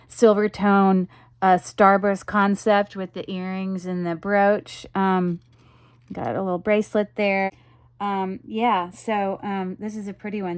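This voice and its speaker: This woman speaks at medium pitch with a clean tone and no echo as she casually showcases jewelry she sells. Chatty and rambling, she leans on ums and you-knows while keeping an enthusiastic selling tone.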